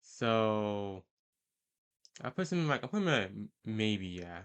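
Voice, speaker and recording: A man's voice: lowish voice, very animated, measured pace, smooth. A man giving casual, rambling tier-list commentary, hesitating often and correcting himself mid-sentence. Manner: hesitant and rambling, many fillers and self-corrections. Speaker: video host ranking characters.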